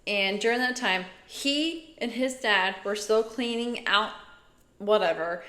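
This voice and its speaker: A woman's voice: mid-range voice, a little slow, fairly bright tone. A middle-aged woman co-hosting a podcast, chatty and exclamatory in casual talk. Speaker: podcast co-host. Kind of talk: casual chat. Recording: echoey room.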